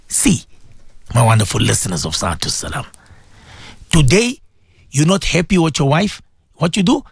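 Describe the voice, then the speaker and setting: A man's voice: fairly high pitch, gravelly, breathy edge, no echo, clean studio sound. A man presenting a radio show, preaching with passion to his listeners, repeating himself and firing off rhetorical questions. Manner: impassioned, repeats words, many rhetorical questions.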